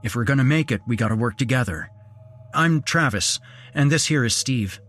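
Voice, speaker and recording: Brief: steady take-charge leader in a horror audio story, reassuring, husky, lively pitch, read by a man. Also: moderate pace, faint music behind. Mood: determined.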